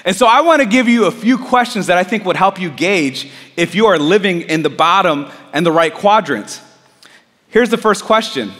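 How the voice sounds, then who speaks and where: Male pastor, sermon, earnest conversational preaching, high voice, long hall reverb. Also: lively intonation, moderate pace, a bit bright.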